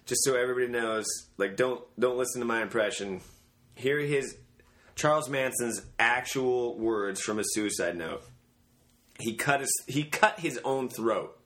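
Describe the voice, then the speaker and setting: A man's voice: medium pitch, a little slow, a bit bright. A man hosting a podcast in loose, joking casual chat. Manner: loose, joking, swearing banter. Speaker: podcast host.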